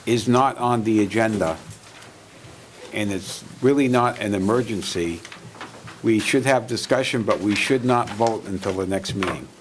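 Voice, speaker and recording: A man's voice: on the low side, moderate pace, background noise. A man chairing a town board meeting, speaking in brief, procedural remarks.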